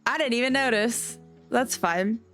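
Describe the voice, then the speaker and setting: A woman's voice: a little high, a little slow, a bit bright, soft background music. A woman live streamer with a light Cajun-tinged Southern American accent, chatting casually in a rambling, self-correcting way and laughing often. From Cajun country, US South. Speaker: live streamer playing a life-sim game.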